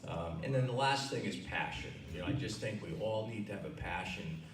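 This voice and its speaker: An older man with a Connecticut accent gives a dinner acceptance speech in a loose, conversational way, padding his thoughts with fillers. His voice sits on the low side. He is picked up from a distance in a roomy banquet hall, with a faint hum behind him. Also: lively intonation, brisk. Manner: conversational, rambling with many fillers. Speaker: hall of fame inductee giving acceptance speech. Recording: echoey hall, recorded from far off.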